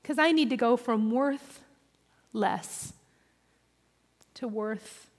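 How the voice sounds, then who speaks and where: Woman pastor, lively self-deprecating sermon delivery, reverberant hall sound. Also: a little high, slow pace. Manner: personal and animated, with self-deprecating humor.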